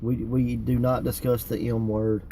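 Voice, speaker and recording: A man's voice: medium pitch, flat delivery, normal speed, background noise. A man co-hosting a casual wrestling podcast, chatty and laughing often, with many fillers. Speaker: podcast co-host. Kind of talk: casual chat.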